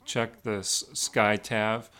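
A middle-aged man with an Oregon accent, chatting as a podcast co-host. His voice sits a little low, and he wanders through his points with fillers and restarts. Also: level tone, slow, sharp tone, clear, resonant tone. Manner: rambling, hesitant with many fillers. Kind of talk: casual chat.

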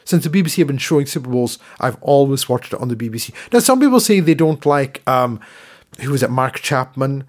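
A man's voice: mid-range voice, animated, a little fast. A man co-hosting a podcast, chatting casually and ranting, often repeating words as he gets worked up. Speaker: podcast co-host. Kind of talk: casual chat.

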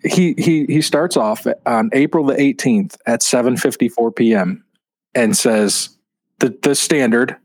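A man's voice: mid-range voice, unhurried, a little mellow, no room sound. A man co-hosting a podcast in casual banter, laughing often, swearing and reading messages aloud. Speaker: podcast co-host.

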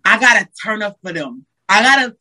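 A woman from Detroit talks as an interview guest in a slangy, animated way, often acting out her friends' words. Her voice is husky and a little breathy, sitting at a middle pitch. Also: fairly quick, poor audio. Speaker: Christian hip hop artist, guest. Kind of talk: casual interview chat.

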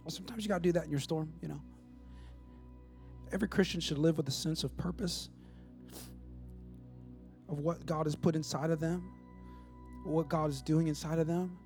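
A man's voice: fairly high pitch, fairly even intonation, normal speed, pauses often, a little mellow, faint music behind. A male pastor preaching a live sermon in a church, speaking emphatically and repeating his points to the congregation. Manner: emphatic and repetitive, exhorting the congregation.

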